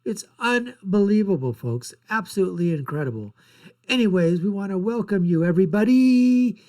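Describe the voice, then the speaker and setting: A man's voice: high-pitched, animated, normal speed, mellow. A man hosting a political commentary show, ranting in a blunt, sarcastic and mocking way.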